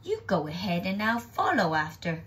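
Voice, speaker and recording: A woman voicing a huge, gullible monster who speaks slowly and in wonder in a storybook reading. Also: on the low side, big pitch swings, breathy edge.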